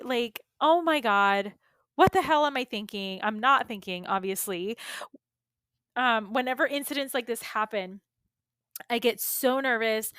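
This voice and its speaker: A woman's voice: fairly high pitch, a bit bright, clean tone, no room sound. A middle-aged woman hosting her own podcast, casually and animatedly telling a personal story with lots of fillers and asides. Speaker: podcast host and beauty business coach.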